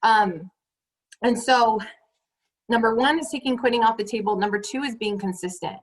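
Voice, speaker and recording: A woman's voice: a little high, normal speed, poor audio. A woman leading her sales team on a motivational call. She talks emphatically, repeats her points and keeps turning to the listeners as "you guys".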